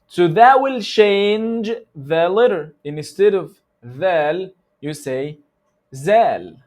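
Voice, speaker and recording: An Arabic-speaking man with an Egyptian accent gives a recitation lesson in English. His voice sits a touch higher than most men's. He talks loosely with restarts and slows right down to repeat each sound for his students. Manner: repeats sounds slowly to demonstrate them. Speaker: tajweed teacher. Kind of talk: instructional lesson.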